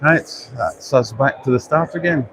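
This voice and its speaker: A man's voice: medium pitch, a little slow. A man hosting a casual live walkaround at a busy indoor trade show, chatty and self-deprecating, thinking aloud as he goes. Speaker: livestream host. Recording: noisy exhibition hall ambience. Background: crowd chatter and hall noise.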